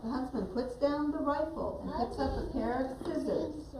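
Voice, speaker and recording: A woman's voice: high-pitched, moderate pace. A woman teacher narrating a story for her pupils to act out and giving them directions as she goes. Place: classroom. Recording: distant, echoey classroom with background noise.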